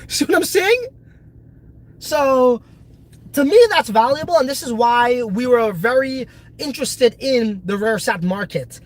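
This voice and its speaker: A man's voice: extremely high pitch, animated, slow pace, long pauses, poor audio. Brash, congested man hyping crypto. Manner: brash, profane, hyped. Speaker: crypto project host. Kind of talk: casual video talk.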